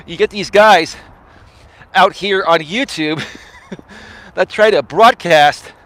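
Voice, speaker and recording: A man's voice: high-pitched, a bit bright. A man in his forties, a life coach hosting a live stream, talking in a chatty monologue and tagging his lines with "right?".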